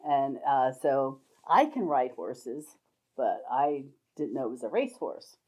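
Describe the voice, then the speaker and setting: Speaking slowly in an extremely low, mellow voice with lively intonation, an older woman shares rambling tales from her past and keeps breaking into laughter. This casual spoken memoir was recorded in dull lo-fi quality.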